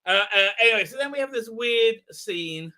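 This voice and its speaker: A man's voice: very high voice, lively intonation, normal speed, sharp tone, clear, resonant tone. A man ranting through an episode recap, incredulous and exasperated, with lots of fillers and mocking quotes. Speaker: show host reviewing an episode.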